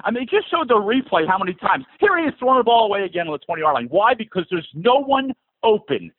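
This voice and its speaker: A man's voice: high voice, sing-song, rapid-fire, dry recording. A man in his forties with a New Jersey accent, calling in to rant about his team, fired up and exasperated, and fighting a cold. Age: 40s. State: has a cold. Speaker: caller. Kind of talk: emotional sports call-in rant. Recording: tinny phone line.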